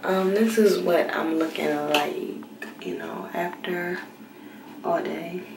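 A young woman vlogger talking casually at night in a hushed, half-whispered voice so she won't wake anyone, recording on a handheld phone in her bathroom. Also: fairly low pitch, steady tone, takes it slowly, vocal fry, noisy background. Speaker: beauty vlogger. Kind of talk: late-night casual vlog. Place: bathroom at home. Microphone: handheld phone camera. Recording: roomy, slightly distant phone audio.

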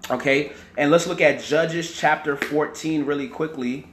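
A man's voice: a little high, fairly even intonation, unhurried, roomy sound, slight background noise. A man preaching a teaching sermon, often repeating words and checking in with "right?" and "amen".

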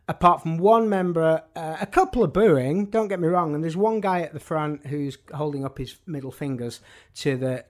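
A man's voice: on the high side, darkish tone. A man, a music journalist telling anecdotes in an interview, with a dry, wry humour.

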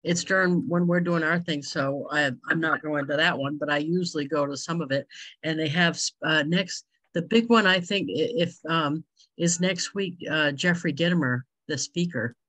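A woman's voice: low voice, moderate pace, fairly bright tone, rough recording. A woman hosting a casual video-call chat, bubbly, exclaiming and laughing often. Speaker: host.

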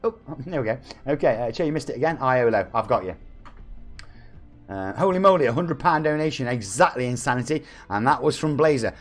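Chatting and joking with his live-stream viewers, a game streamer from England in his 40s reads out the messages they send. His medium-pitched voice is expressive, and he talks fairly quickly.

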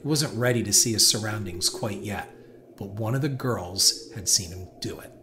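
Low-voiced man narrating a horror story. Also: normal speed. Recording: noisy hiss behind voice.

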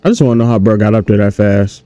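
Dude doing a horror game let's play, talks slangy and hyped at the chat, mellow voice, dry close mic. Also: male voice, fairly low pitch, quick pace, no echo. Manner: animated, slangy, talks to viewers. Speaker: gaming YouTuber. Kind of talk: casual let's-play commentary.

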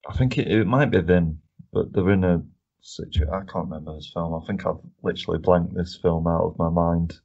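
Ranting sweary man, low voice. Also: fairly even intonation, fairly quick, vocal fry, a little mellow, breathy edge. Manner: ranting, sweary, laughs often. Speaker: podcast co-host. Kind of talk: casual film review chat. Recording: dull lo-fi podcast audio.

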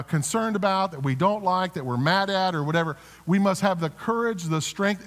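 Man, pastor, earnest sermon, slightly high voice, reverberant church sanctuary. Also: fairly bright tone. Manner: earnest preaching with repeated restarts; builds to emphatic exhortation.

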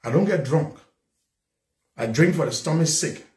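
A man hosting a talk show, ranting angrily about a political party with repeated challenges and bursts of shouting. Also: a little high, animated, moderate pace, roomy sound. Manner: fiery, repetitive, shouting at times. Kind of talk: angry political rant.

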